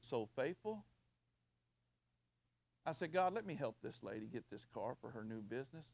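A man preaching a sermon as pastor, folksy and plain-spoken, building up to loud shouted bursts. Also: medium pitch, vocal fry.

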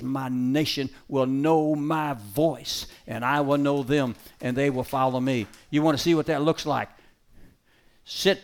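A man preaching a live sermon before an audience, folksy and emphatic, switching between loud calls and quiet asides and giving brisk commands to a dog. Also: mid-range voice.

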